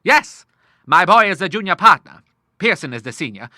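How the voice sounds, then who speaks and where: A man's voice: high voice, very animated, moderate pace, pushed and bright, no room sound, clean studio sound, voice pushed up, full character voice. A man voicing a bluff, courteous old naval admiral in an audiobook, hearty and full of sea talk. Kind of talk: audiobook character voice.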